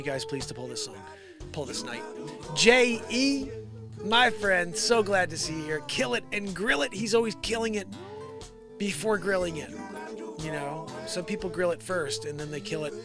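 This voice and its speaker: High-pitched guy riffing on a comedy livestream, loud music going behind him. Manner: rambling, riffing, puts on squeaky voices for quoted people. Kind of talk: improvised comedy livestream chat. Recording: music playing loudly behind.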